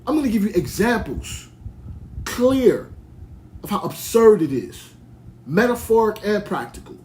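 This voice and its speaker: A man's voice: high-pitched, big pitch swings, measured pace, darkish tone. A man from Brooklyn, hosting a podcast in a heated, rambling rant full of restarts. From United States (Brooklyn). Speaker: podcast host. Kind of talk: ranting monologue.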